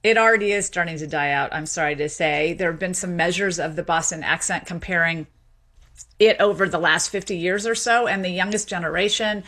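A woman, a sociolinguist, explaining speech and accents as a guest in a radio interview. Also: fairly low pitch. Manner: lively explaining, quick asides.

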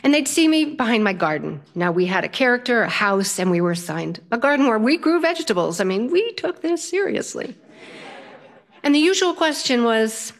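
Older woman telling a funny story about herself, lively, pokes fun at herself. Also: mid-range voice, normal speed. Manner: lively, self-mocking, humorous. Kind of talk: personal story told to an audience.

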